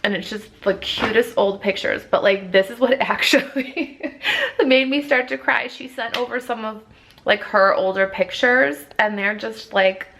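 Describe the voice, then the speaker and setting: A woman's voice: on the high side, measured pace, fairly bright tone. A young woman vlogging casually to camera from home, chatty and full of "like" fillers, teary as she talks. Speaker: lifestyle vlogger. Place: at home indoors.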